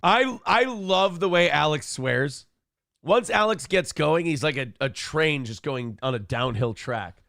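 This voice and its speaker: Male morning show host, rough gravelly tone, profane and animated, dry studio sound. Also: a little high, measured pace, dry recording. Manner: profane, animated, mimics others in loud bursts. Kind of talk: casual podcast commentary.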